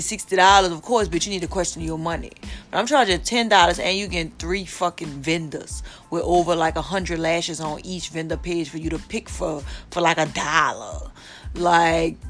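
A woman's voice: fairly low pitch, a bit bright. A young woman hosting a casual solo podcast from her bed, telling stories in a blunt, profane way and quoting the people in them. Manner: blunt, profane, storytelling with quoted voices. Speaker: podcast host. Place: lying in her bed at home.

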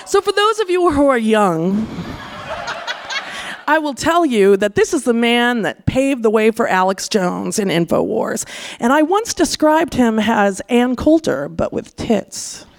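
A woman, telling a frank, profane personal story with lively delivery. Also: fairly high pitch, measured pace, vocal fry, background noise. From California, USA.

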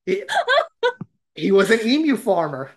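A man's voice: high voice, huge pitch swings, slow pace, gravelly. A man from Arkansas, hosting a podcast and telling a rambling, laughing story in casual chat. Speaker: podcast host.

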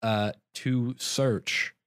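A man's voice: mid-range voice, fairly even intonation, drawn-out words, fairly bright tone, clean tone, no echo, clean studio sound. A young man co-hosting a podcast in casual chat, rambling through a story, restarting his sentences and laughing at himself. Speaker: podcast co-host.

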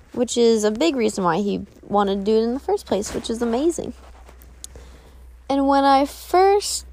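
A woman's voice: fairly high pitch, a little mellow. A young woman hosting a podcast, sharing personal feelings in a candid, rambling monologue with restarts. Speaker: podcast host.

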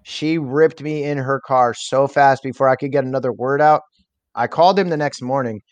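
A man's voice: medium pitch, moderate pace, no room sound. A young man telling a personal story as an interview guest, candid and rambling, with many fillers.

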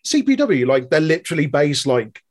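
A man's voice: on the high side, sing-song, fairly quick. Laid-back male podcast host. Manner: friendly, rambling, laughs easily. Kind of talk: casual interview chat.

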